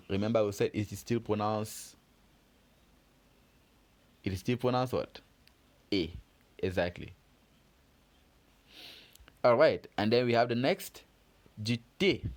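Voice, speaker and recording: A man teaching a French pronunciation lesson, explaining step by step in a patient, methodical way and quizzing his learners as he goes. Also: medium pitch. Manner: patient, methodical, asks learners questions and answers them.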